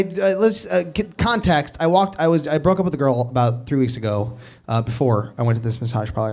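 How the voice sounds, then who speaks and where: A man spins a comic anecdote in a fairly high voice, stopping and restarting as he laughs through it. Faint music plays under him. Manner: rambling, self-interrupting, laughing through the telling. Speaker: comedian telling a story on a podcast. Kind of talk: stand-up style comic storytelling.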